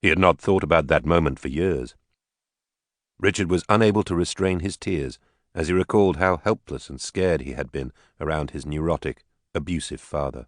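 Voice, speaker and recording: Male audiobook narrator, very low voice, measured delivery, dry studio sound. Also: no echo.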